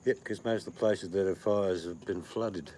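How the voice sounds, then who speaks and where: Joking male livestream host, very low voice, hissy noisy room. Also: moderate pace, warm tone. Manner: joking, bawdy banter. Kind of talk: casual chat.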